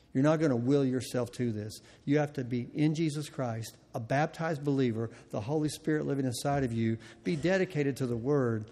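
A man's voice: a little high, a little mellow. A man preaching a Wednesday night sermon, folksy and earnest, telling a personal story and speaking straight to the congregation. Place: church hall with long reverb. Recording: church hall reverb.

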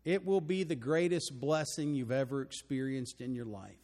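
An older man with a Texan accent preaching a sermon, earnest and emphatic, building to loud declarations. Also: medium pitch, normal speed, in a large hall. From Texas. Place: church auditorium.

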